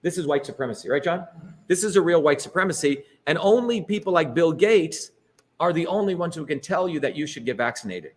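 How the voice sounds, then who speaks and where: This middle-aged man's voice is a little high, expressive and slightly fast as he leads a political talk with slides. His delivery is forceful and rhetorical, peppered with "okay?" and "right?".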